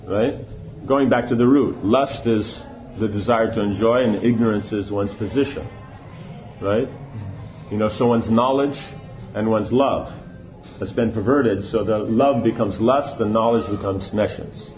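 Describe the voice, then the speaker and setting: A man's voice: lowish voice, unhurried, darkish tone, dull audio, soft background music. A man giving an informal spiritual class, explaining points conversationally and often checking in with his listeners. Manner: conversational, keeps checking in with "right?". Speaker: spiritual teacher.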